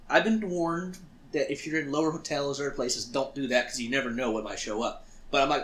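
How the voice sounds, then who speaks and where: A man's voice: medium pitch, a little fast, echoey room. A man co-hosting a podcast, telling a story casually and acting out what he said. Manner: animated, acts out quotes of himself. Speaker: podcast co-host.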